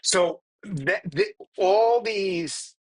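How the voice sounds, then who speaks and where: A middle-aged man, a performance psychologist, is a guest on a casual podcast interview, speaking earnestly and very slowly. His voice sits high with lively intonation, and he often restarts his sentences.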